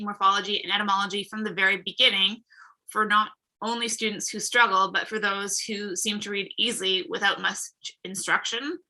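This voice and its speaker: A woman hosting a discussion, reading an audience question and clarifying it in a measured way. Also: medium pitch, sharp tone, rough recording. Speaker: host.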